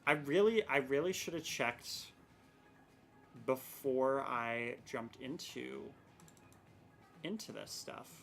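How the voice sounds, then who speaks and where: A woman's voice: very deep voice, slow pace, vocal fry, pauses often. A young woman streaming a game, chatting casually and rambling with self-mocking exasperation about her technical troubles. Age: young adult. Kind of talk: casual live-stream chat.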